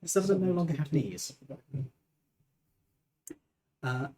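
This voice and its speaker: A man's voice: a little high, big pitch swings, fast talker, noisy background. Irreverent male game master. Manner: irreverent, swears, laughs often. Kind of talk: narrating a tabletop game.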